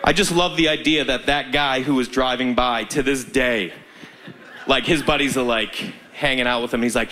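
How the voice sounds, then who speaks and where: A man's voice: medium pitch, normal speed. A man doing stand-up comedy on a club stage, telling stories and acting out the other people's voices. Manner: animated storytelling, acting out voices.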